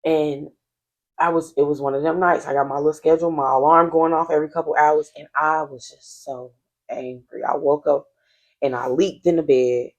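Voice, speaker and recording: A woman's voice: deep voice, fairly even intonation, normal speed, muffled recording. A young woman on a podcast telling a candid personal story, blunt and full of slang and swearing. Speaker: podcast guest. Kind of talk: casual chat.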